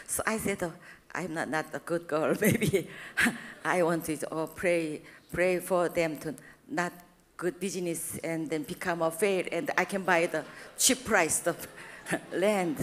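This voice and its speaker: A middle-aged woman with a Korean accent gives a church testimony in English, which is not her first language. Her voice sits a little low, and her halting phrases and many restarts turn animated and expressive when she stresses a point. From South Korea. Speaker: university president giving a testimony.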